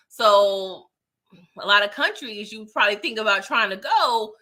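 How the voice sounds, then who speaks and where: Animated slangy woman, bright voice. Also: medium pitch. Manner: animated, exasperated, slangy, laughs often. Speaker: TV recap vlogger. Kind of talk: casual spoken review.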